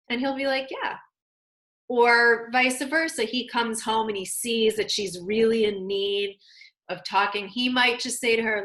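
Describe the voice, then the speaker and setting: A woman's voice: on the high side, a little slow, bright, forceful tone. Woman teaching a relationship class, chatty, plays out what couples say, echoey room. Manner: conversational, acts out spouses' quoted lines. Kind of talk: online class lecture.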